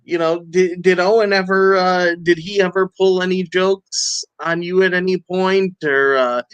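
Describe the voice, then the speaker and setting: A man's voice: sits high, steady tone, measured pace, a bit bright, clear, resonant tone, dry recording, highs cut off. A man hosting a podcast interview, asking questions in a hesitant way, full of fillers. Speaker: podcast host.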